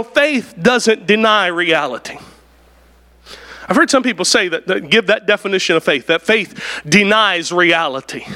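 Male preacher, bright and ringing, impassioned sermon delivery with shouted peaks. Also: high-pitched. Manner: impassioned, rising to shouts for emphasis; starts many phrases with "Oh". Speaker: pastor.

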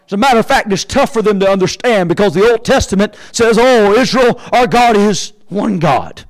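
A man preaching a sermon, swinging between shouted peaks and quiet, hushed asides. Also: high voice, low-quality recording. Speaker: pastor. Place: church sanctuary with congregation.

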